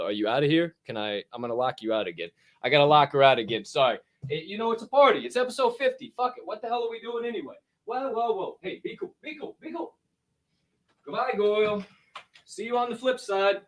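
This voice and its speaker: A man hosting a casual livestream podcast, chatting and reading an ad in a rambling, profane way from a warm room at home. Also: a little high, animated, fast talker, dry recording, clean studio sound. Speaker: podcast host.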